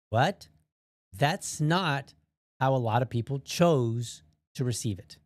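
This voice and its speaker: A man's voice: a little high, lively intonation, normal speed, no echo, studio quality. A man hosting an opinion podcast, talking bluntly and heatedly and swearing freely as he argues his point. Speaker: podcast host.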